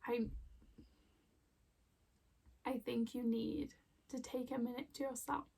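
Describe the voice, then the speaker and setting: A young woman giving an emotional oracle card reading at home, soft and rambling with many fillers. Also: on the high side, level tone, slow, vocal fry, slightly rough. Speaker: spiritual card reader. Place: home room with plants.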